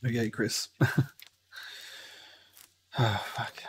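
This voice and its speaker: A gaming streamer with a medium-pitched, expressive voice gives casual let's play commentary on a horror game at a normal pace. He swears often, reads in-game letters aloud, and laughs and shouts at the scares. There's a little hiss or hum in the recording.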